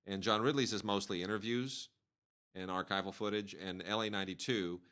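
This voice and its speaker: Low-voiced guy chatting on a podcast, rambly, lots of ums. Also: fairly even intonation, a little fast, fairly bright tone. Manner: rambling, many fillers and restarts. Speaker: podcast co-host reviewing home video releases. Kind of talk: casual podcast chat.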